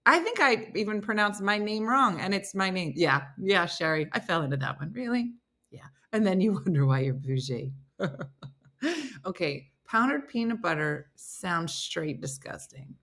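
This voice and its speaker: A woman's voice: mid-range voice, expressive, normal speed, a bit bright. A middle-aged woman hosting a casual live stream, reading viewer comments aloud with playful, laughing asides.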